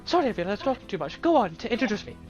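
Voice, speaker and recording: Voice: medium pitch, very animated, racing, lo-fi sound, faint music behind, pitched above the performer's own voice, natural voice. A game master voicing a fussy old woman baker who talks nonstop and gushes over guests. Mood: gushing. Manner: gushing, nonstop talking, fussing.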